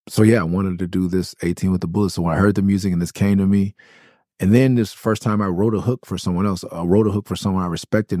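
Deep, dark-voiced man telling stories. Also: no room sound, clean studio sound. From Los Angeles. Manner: loose, enthusiastic, rambling with many "like"s. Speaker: podcast host. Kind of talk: casual storytelling about his album.

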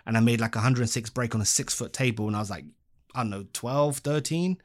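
A young man co-hosting a casual podcast chat, animated and drifting into a game show host voice. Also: mid-range voice, quick pace.

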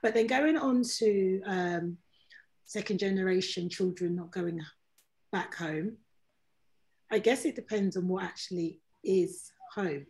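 A woman with a London accent, a regular on a podcast panel, thinking aloud in casual chat with halting restarts. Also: medium pitch, a little mellow.

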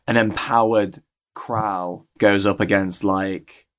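A man answering listener questions on a podcast in casual chat, animated and gushing, with drawn-out exclamations. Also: lowish voice. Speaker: podcast guest.

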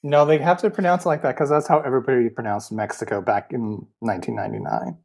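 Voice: mid-range voice, lively intonation, quick pace, creaky, darkish tone, breathy edge. A podcast co-host casually recapping a comedy film, making jokey asides, laughing a lot and mimicking characters. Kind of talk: casual movie recap chat.

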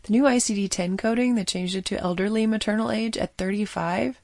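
A woman's voice: mid-range voice, steady tone, brisk, darkish tone, no echo, natural voice. A woman voicing a grumpy older woman doctor who is blunt and teasing, speaking in a dry, sarcastic, bossy way.

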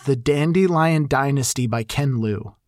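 A man chatting as a podcast guest, getting excited as he recommends books. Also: medium pitch, no echo, clean studio sound. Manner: excitable, quick. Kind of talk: casual chat.

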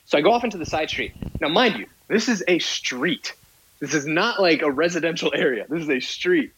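Animated, husky-voiced man telling a story. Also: fairly high pitch, fairly quick, poor audio. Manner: animated, exasperated retelling with quoted dialogue. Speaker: guest. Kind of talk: casual podcast storytelling.

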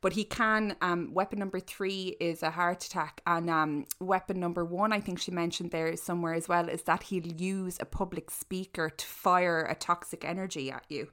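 A woman hosting a comedy podcast, reading a book aloud with animated, mock-dramatic asides. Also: lowish voice, moderate pace, hardly any pauses.

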